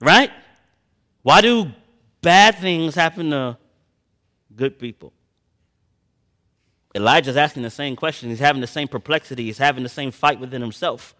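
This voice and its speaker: A man preaching a sermon, moving between quiet personal storytelling and loud impassioned passages, reading scripture in old-fashioned phrasing. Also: on the high side, normal speed, pauses often.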